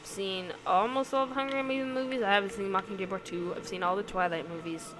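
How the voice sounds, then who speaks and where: A woman's voice: medium pitch, steady tone, brisk, background noise. A woman vlogger reading questions aloud and answering them in casual chat, rambling and hesitant with many fillers. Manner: rambling, hesitant, lots of ums and likes. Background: background music.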